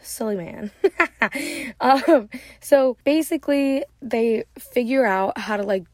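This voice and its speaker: A woman's voice: fairly high pitch, slow, darkish tone, no room sound. A woman giving a casual, rambling movie recap, giggling often and filling her speech with "like". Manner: rambling, giggly, heavy use of "like". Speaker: vlogger.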